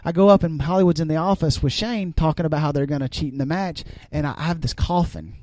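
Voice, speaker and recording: A man who wrestles, a podcast guest, telling stories excitedly in casual chat and acting out scenes with sound effects. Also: a little high, fast talker, no room sound.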